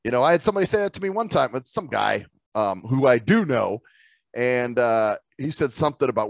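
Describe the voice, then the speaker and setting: A man's voice: medium pitch, expressive, fairly quick, creaky, no echo. A man hosting a podcast in casual chat, telling stories in a laid-back, profane way. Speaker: podcast host and rapper.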